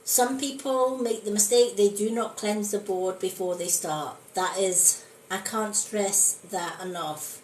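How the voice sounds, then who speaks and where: Woman, slow and earnest, live stream, echoey room, faint noise. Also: mid-range voice, darkish tone. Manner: slow, earnest, many fillers. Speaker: spiritualist hosting a live stream. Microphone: phone.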